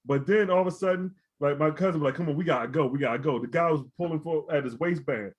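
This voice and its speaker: A man's voice: a little high, fast talker. A man telling a story in casual chat, laid-back and often asking "right?". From Baltimore. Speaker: co-host. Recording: slightly dull audio.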